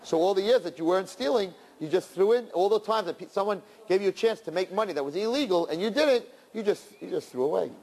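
Animated rabbi with a slightly high voice. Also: male voice, quick pace, creaky, few pauses, in a large hall. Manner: animated storytelling, swings between loud and hushed; uses Yiddish and Hebrew terms. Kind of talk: sermon to young people.

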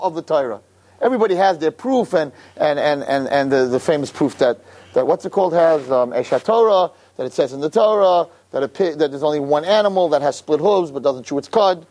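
A man giving an animated storytelling sermon as a religious teacher, who keeps checking in with the audience. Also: fairly high pitch, a little fast. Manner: animated, keeps asking "right?".

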